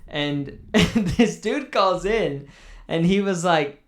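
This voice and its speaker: A man's voice: sits high, expressive, slow pace. A young man hosting a casual chat, rambling and swearing in mock mourning. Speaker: podcast host.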